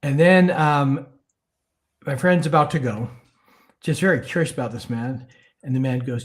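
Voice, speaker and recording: Older guy, author being interviewed, chatty storyteller, goes quiet for the heavy parts. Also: mid-range voice, normal speed. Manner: animated storyteller, drops to a hushed tone for serious moments. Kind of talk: conversational storytelling.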